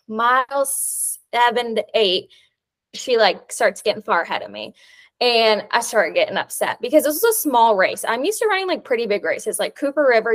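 A woman's voice: a little high, fairly bright tone. A young adult woman co-hosting a podcast, telling a long story in casual chat, full of "like" fillers. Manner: chatty storytelling, many "like" fillers. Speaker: podcast co-host.

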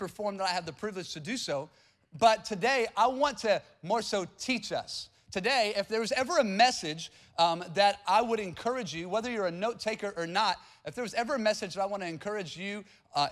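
A man in his thirties preaching a sermon in a church, with lively call-and-response asides to the congregation. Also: sits high. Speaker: pastor. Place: church sanctuary.

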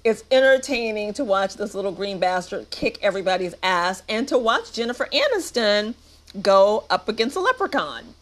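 A woman's voice: medium pitch, big pitch swings, moderate pace, a bit bright. A woman giving a casual, sarcastic and playful recap of a movie. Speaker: movie reviewer.

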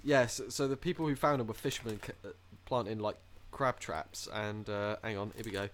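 A man's voice: on the low side, steady tone, moderate pace. Young man, podcast co-host, cheeky, jokey. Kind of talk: casual chat.

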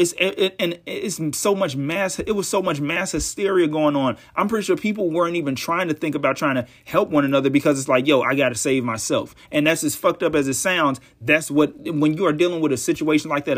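A man giving an angry, profane commentary, heated and worn out. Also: a little high. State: tired and frustrated. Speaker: vlogger.

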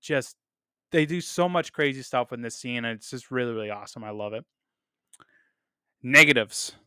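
Podcast guy rambling happily about a movie, bright clear voice, dry close mic, lots of uh and um. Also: medium pitch, moderate pace, no room sound. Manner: enthusiastic, lots of fillers and repeats, trails off quietly. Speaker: podcast host reviewing films. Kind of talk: casual solo podcast commentary.

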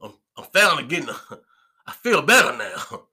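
A man's voice: on the high side, very animated, fairly quick, bright, forceful tone, breathy edge. A man chatting casually as a podcast guest, boisterous and profane, laughing often. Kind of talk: casual chat.

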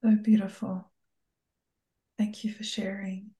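A woman hosting a podcast, asking gentle, reflective questions of her guest. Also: mid-range voice, level tone, slow pace. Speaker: podcast host. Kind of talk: interviewing. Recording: echoey room.

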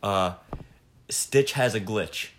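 A man chatting casually, retelling a film scene in a rambling, animated way with many fillers. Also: fairly low pitch, takes it slowly. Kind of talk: casual chat.

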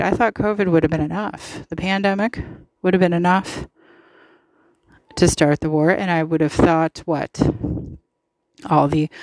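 A woman's voice: mid-range voice, a little mellow, no room sound, low-quality recording. A woman hosting a podcast, giving impassioned, opinionated political commentary with emphatic repetition. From United States. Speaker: podcast host.

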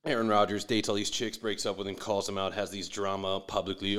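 A man's voice: on the low side, flat delivery, a little fast, a bit bright, clear, resonant tone. A man delivering a profane, sarcastic sports rant with mocking asides.

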